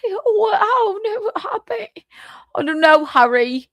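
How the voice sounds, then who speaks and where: A woman putting on a goofy, flustered British man in a mock British accent, high and frantic. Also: big pitch swings, slow, a bit bright, dry recording, full character voice. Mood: panicky. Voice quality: high squeaky put-on voice. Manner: frantic, mocking.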